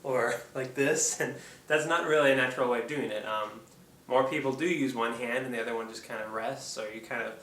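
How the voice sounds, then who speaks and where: A man's voice: medium pitch, a little fast, fairly bright tone. A man from Oregon giving a casual, rambling how-to tutorial as a puppeteer, full of ums and restarts. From Oregon, USA. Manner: rambling, hesitant, lots of ums. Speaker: puppeteer, channel host. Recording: echoey room, distant mic, faint background hum.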